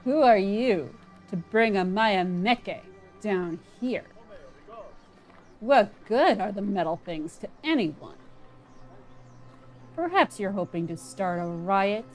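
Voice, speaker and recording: Game NPC: a hostile moon dweller, voiced by a woman, casual, slightly nasal, unhurried and dismissive. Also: mid-range voice, lively intonation, a little mellow, soft background music. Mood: scornful. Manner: blunt and scornful. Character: hostile, suspicious moon dweller who resents robots.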